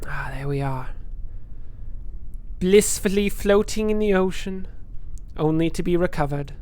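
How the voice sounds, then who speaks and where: A man's voice: high voice, a bit bright, slight background noise. A man commentating on his own gameplay for a channel he hosts, joking in a dry, sarcastic way. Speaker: gaming channel host. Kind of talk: let's play game commentary.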